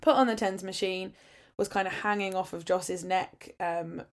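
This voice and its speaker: A woman's voice: medium pitch, fairly even intonation, normal speed. A woman, telling her own story casually and frankly and laughing often. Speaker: podcast host sharing her birth story.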